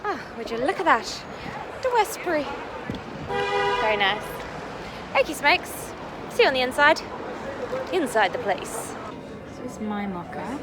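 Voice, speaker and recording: A young woman chatting casually to her phone camera as she vlogs, playful and quick to laugh. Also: sits high, big pitch swings. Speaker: vlogger. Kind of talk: casual vlog chat. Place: outdoors on busy city streets and in a café. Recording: phone recording with street noise. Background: street and traffic noise.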